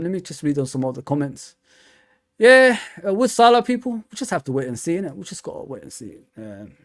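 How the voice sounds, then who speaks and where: A man's voice: mid-range voice, creaky. A young man, hosting a live stream and chatting casually with his viewers, rambling and repeating himself with lots of fillers. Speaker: fan channel host. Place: home.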